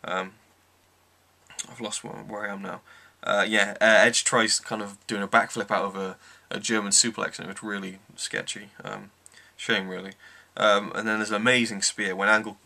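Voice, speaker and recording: A man's voice: lowish voice, level tone, normal speed, gravelly, bright, forceful tone. A man giving an enthusiastic, rambling wrestling review, full of ums. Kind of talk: casual review monologue.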